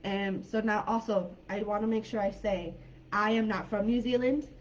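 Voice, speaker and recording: A woman's voice: mid-range voice, fairly even intonation, normal speed, lo-fi sound, slight background noise. An American woman from California teaching a live online English class in a chatty, informal way, with many fillers and hedges. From California, United States.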